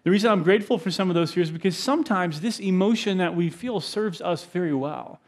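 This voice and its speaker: A middle-aged man, a pastor, preaching a sermon with animated stories, chuckles and asides to the congregation. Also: high-pitched, fast.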